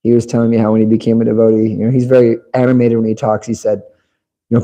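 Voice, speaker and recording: Male devotee commenting, very dark mellow voice, animated storyteller. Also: medium pitch, very fast, rough recording. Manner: animated, tells stories with quoted dialogue. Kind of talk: anecdotal storytelling.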